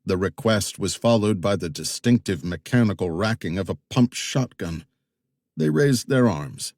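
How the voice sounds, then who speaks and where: A man reads a thriller audiobook in a measured, suspenseful way. His voice sits low, and the recording is dry and close with no room sound. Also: expressive, a little mellow, dry recording. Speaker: audiobook narrator. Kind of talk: scripted thriller narration.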